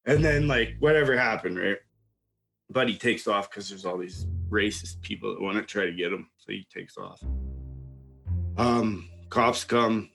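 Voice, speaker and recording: A man's voice: lowish voice, unhurried, gravelly, a bit bright, faint music behind. A young man telling a wild story in casual chat, swearing, laughing and acting out what people said. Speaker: podcast host telling a story.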